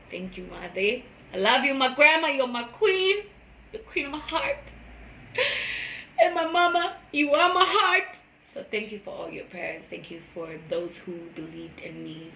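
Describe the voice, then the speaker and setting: A woman giving a casual spoken testimony, earnest and emotional, dropping soft and low, then rising loud and high. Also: slight background noise. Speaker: vlogger. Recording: echoey room.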